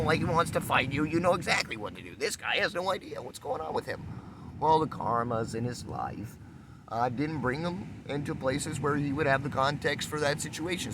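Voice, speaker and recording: A spiritual speaker gives a casual, rambling talk, repeating himself and acting out quoted exchanges. His voice is mid-range, and the background is noisy.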